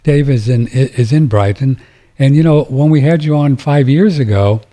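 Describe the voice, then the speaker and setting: Man, talk radio host, rambling, lots of fillers, mellow voice. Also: mid-range voice, normal speed. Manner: rambling, with many fillers and restarts. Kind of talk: casual talk radio chat.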